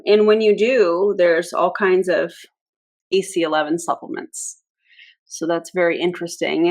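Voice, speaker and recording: A woman reacting to her own old videos in casual commentary, full of wry, sarcastic asides. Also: on the low side.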